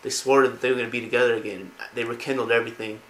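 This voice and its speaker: Guy rambling thru game lore, bright voice, faint hiss. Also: mid-range voice, flat delivery, rapid-fire, low-quality recording. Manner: rambling, many fillers and restarts. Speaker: lore video narrator. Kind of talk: casual lore retelling.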